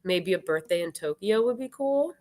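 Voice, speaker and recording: A woman's voice: fairly low pitch, expressive, normal speed, mellow. A woman in her twenties, a guest on a show, chatting casually and filling her sentences with "like.". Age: 20s. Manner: chatty, full of "like" fillers. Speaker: guest musician. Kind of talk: casual birthday chat.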